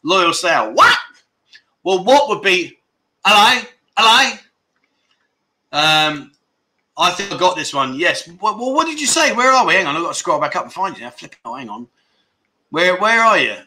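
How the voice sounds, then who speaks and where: A man's voice: high voice, big pitch swings, brisk, sharp tone. A man hosting a casual live stream, reading viewer comments aloud in a jokey, scattered way and laughing at his own slip-ups. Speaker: livestream host.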